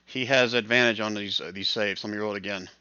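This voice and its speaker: A man's voice: on the low side, steady tone, fast, very noisy. A man narrating a tabletop game as dungeon master over voice chat. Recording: lo-fi voice chat audio.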